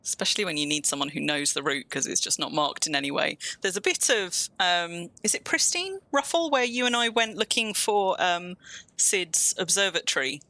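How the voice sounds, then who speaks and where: A woman's voice: on the low side, moderate pace, bright, forceful tone, no room sound. A woman with a southern English accent, chatting casually on a live stream while she plays, rambling and restarting her sentences. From England.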